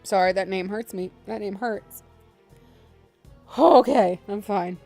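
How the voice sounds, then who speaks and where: A woman's voice: medium pitch, slow pace, dark tone, faint music behind. A woman streamer giving casual, joking commentary on a game playthrough, swearing and laughing easily.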